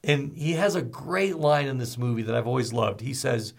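A man hosting a ministry podcast, talking in an energetic, storytelling way with folksy asides. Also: medium pitch, normal speed. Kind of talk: motivational podcast talk.

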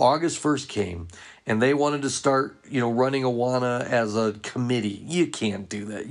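A man's voice: medium pitch, creaky. A man who leads church ministry, telling earnest stories to fellow ministry workers. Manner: earnest anecdotal storytelling. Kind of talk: storytelling talk to ministry workers.

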